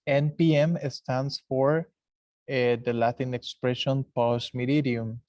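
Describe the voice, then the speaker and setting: A man's voice: mid-range voice, steady tone, slow pace, darkish tone, no echo. A man teaching English, commenting patiently on a lesson and pointing out examples as he explains. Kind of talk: live commentary on a lesson video.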